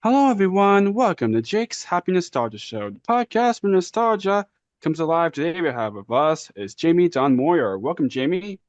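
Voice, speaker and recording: A man's voice: a little high, big pitch swings, moderate pace, no echo, highs cut off, soft background music. A man hosting a podcast interview, stumbling and repeating words as he asks questions. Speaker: podcast host.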